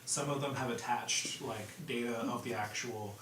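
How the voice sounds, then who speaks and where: A man running a tabletop game as game master, narrating in a relaxed way with plenty of ums and likes. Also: mid-range voice, normal speed. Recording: echoey room from far off with background noise.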